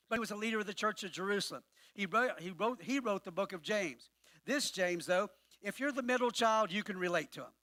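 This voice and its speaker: Guy pastor giving a chatty sermon, kinda high bright voice, trips over his words a lot, dry sound. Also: dry recording. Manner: conversational with frequent word repetitions; wry humorous asides.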